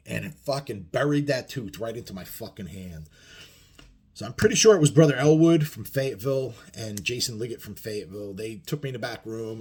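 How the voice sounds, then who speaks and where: Lowish and husky, this storyteller's voice carries a laid-back bar-fight tale told to camera as a biker vlogger. Profanity is constant, and he performs the quoted lines with sudden loud outbursts in an otherwise conversational telling.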